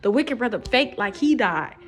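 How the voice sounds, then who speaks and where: A young woman vlogger delivers a rambling, profane monologue for a posted video in a casual recorded style. Her voice is on the high side, with lively intonation and a normal speed.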